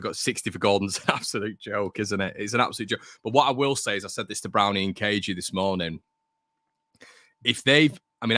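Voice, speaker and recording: Young male stream host, low and bright voice, dry close sound, casual and opinionated. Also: dry recording. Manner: chatty, reads out viewer comments, opinionated. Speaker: fan channel host. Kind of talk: casual live-stream chat.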